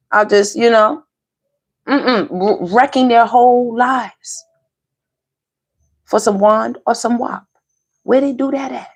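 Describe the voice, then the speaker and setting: Woman, chatty tarot reader, mid pitch, laughs a lot. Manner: chatty, talks straight to viewers, laughs often. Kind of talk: casual tarot reading chat.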